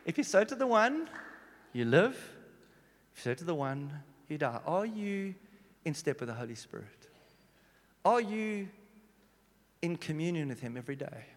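Preacher, reverberant church hall. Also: male voice, a little high, normal speed, pauses often. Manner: animated storytelling, swinging from hushed to loud. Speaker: pastor. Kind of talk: sermon.

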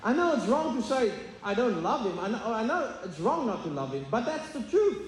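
A man's voice: very high-pitched, very animated, fairly quick. A man preaching a sermon as pastor, earnest and confessional, often stumbling over fillers and restarts. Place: church sanctuary. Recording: echoey hall, faint ambience.

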